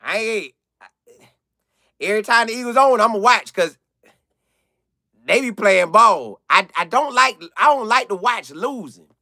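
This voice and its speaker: A high, bright-voiced man talks straight into a dry, close mic on a casual live stream. His delivery is loose and slangy, with a flavor, as he reads viewer comments and riffs on the game. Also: expressive, unhurried, vocal fry, long pauses, no echo. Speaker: live-stream sports commentator reading chat.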